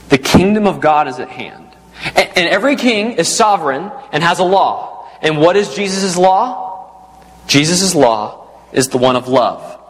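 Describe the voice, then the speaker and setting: A man preaching an expository sermon, reading scripture aloud and repeating key phrases as he explains them. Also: fairly high pitch. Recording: long reverb in a large hall.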